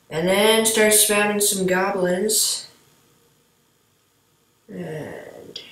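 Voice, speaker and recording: Woman gamer, low-ish voice, unhurried rambling play-by-play, recorded in an echoey room. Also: a bit bright. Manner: rambling, chatty, talks to viewers while playing. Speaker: gameplay commentator. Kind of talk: casual gameplay commentary.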